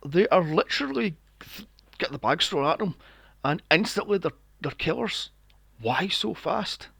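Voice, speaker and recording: A man's voice: fairly high pitch, animated, normal speed, creaky, a bit bright, slightly rough, dry recording. A man co-hosting a casual movie podcast, incredulous and swearing freely as he fires off rhetorical questions. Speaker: podcast co-host. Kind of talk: casual film discussion.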